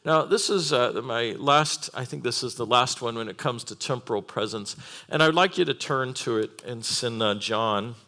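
A man preaching a sermon in a church, animated, with laughing asides and acted-out quotes. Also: medium pitch, normal speed.

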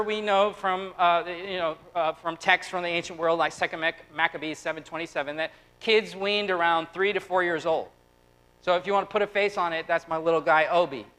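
A man in his thirties preaching a lively, conversational sermon, acting out quotes and turning quiet and tender at personal moments. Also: high-pitched, low-quality recording. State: close to tears. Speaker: pastor.

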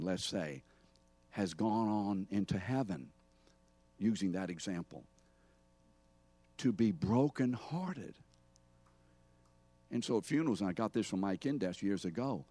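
Warm and fairly low, this man's voice carries a teaching sermon in which he quizzes listeners, calling them by name for answers. He's a pastor, and there's no echo.

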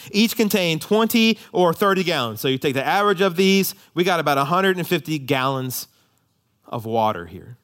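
Emphatic pastor with a higher voice. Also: male voice, a bit bright. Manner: emphatic, repeats key phrases in a preaching cadence. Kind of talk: sermon.

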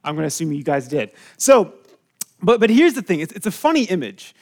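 Rambling, slightly high-voiced male pastor. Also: a little fast. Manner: rambling, many fillers and restarts, lively storytelling. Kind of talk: casual sermon to a congregation.

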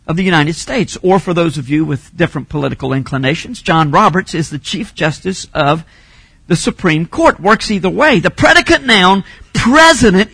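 A man preaching a sermon as a pastor, teaching Bible points and rising to emphatic shouts on key phrases. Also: high voice, husky, no room sound.

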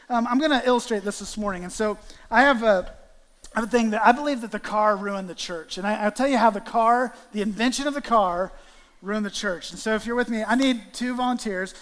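A man preaching a sermon and acting out a lively illustration with volunteers on stage, calling out playful greetings. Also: sits high, in a large hall, a little hiss or hum. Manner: animated, acts out greetings with volunteers. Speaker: guest preacher. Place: church sanctuary.

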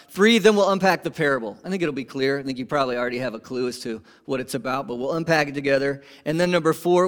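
A man preaching a sermon to his congregation, animated and conversational, asking rhetorical questions and swinging from emphatic peaks to quiet lows. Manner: animated, rising to emphatic peaks then dropping low. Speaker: pastor.

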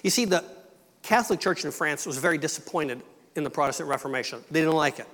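A man's voice: fairly high pitch, fast talker, fairly bright tone. Missionary man speaking in an echoing church. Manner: conversational, storytelling, light humor. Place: church sanctuary.

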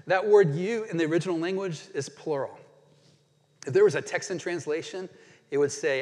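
A man delivers a sermon from a church sanctuary, his voice sitting fairly high. He is earnest and slows right down to savor quoted scripture. The sound carries a long reverb from the hall. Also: darkish tone. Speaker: pastor.

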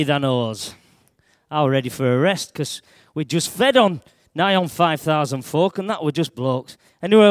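Lively man telling a story. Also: high-pitched, no echo, clean studio sound. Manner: broad dialect, lively, shouts at dramatic moments. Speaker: church storyteller. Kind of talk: first-person dramatic Bible storytelling.

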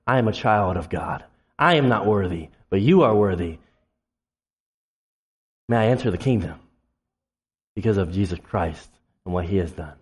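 A man preaching an impassioned sermon in a church sanctuary. His voice sits a little high for a man. He swings between loud, emphatic stretches and low, intense passages. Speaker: pastor.

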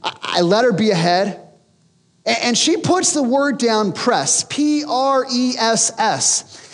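A man delivers a sermon in a church. His high voice leaps around as he tells a self-mocking story. A long reverb trails behind every line. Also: sing-song, slow pace. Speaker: pastor.

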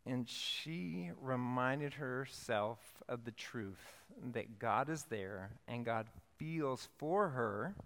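A pastor delivering a sermon, telling stories in a playful yet earnest way with lively emphasis. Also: male voice, medium pitch, drawn-out words, gravelly, few pauses. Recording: long hall reverb.

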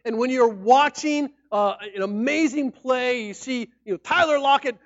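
A man with a high voice preaches a sermon in a lively, conversational way and sometimes acts out how people react. The recording is dry and dull, with a muffled lo-fi sound. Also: moderate pace, dry recording. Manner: animated, acts out shouting fans and mock-formal speech. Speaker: pastor.

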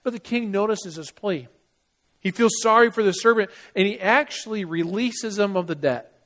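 A man's voice: high voice, normal speed, a bit bright. A man preaching a sermon in a conversational way, asking his listeners rhetorical questions. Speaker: pastor.

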